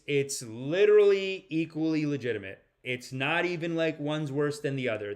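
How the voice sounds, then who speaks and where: A man hosting a live-stream podcast, reacting to videos and chat comments in a rambling way with frequent restarts. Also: on the high side. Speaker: podcast host.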